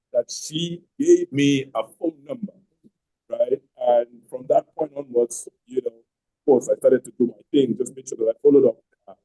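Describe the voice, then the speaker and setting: On a video call with poor audio, a middle-aged host tells the long, meandering tale of his marriage, frequently repeating himself and restarting. He speaks at a medium pitch with a dark tone.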